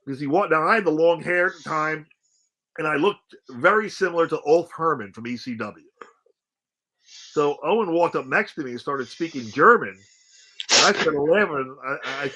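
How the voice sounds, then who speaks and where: A middle-aged man telling casual stories in an interview, animated, swearing freely and laughing often. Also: a little high, normal speed, rough recording. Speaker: interview guest, former wrestler. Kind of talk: casual storytelling.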